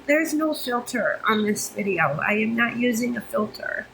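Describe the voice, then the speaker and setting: A woman's voice: on the high side, expressive, normal speed, vocal fry, fairly bright tone, a little hiss or hum, rough recording. A woman in her fifties, a vlogger, venting frankly to her phone camera while overheated and flustered, swearing freely and sounding exasperated. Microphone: phone camera close up.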